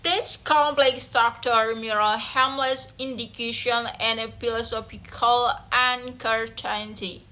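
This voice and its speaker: A woman's voice: a little high, steady tone, slow pace, few pauses, sharp tone. A young woman, reading a class presentation aloud, carefully, with small slips and self-corrections. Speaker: student presenter.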